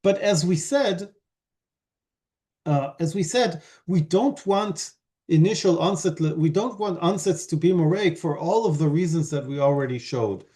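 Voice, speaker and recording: A man lecturing at an academic conference, with a fairly high but dark, mellow voice. He explains patiently, stopping often with fillers and restarting his sentences. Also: a little slow. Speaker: linguistics lecturer.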